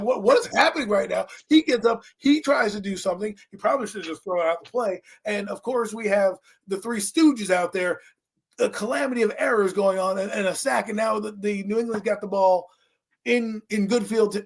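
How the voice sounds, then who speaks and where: A man co-hosting a sports talk show, telling a game story with excitable swings from low muttering to loud outbursts. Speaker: co-host. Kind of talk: animated sports chat.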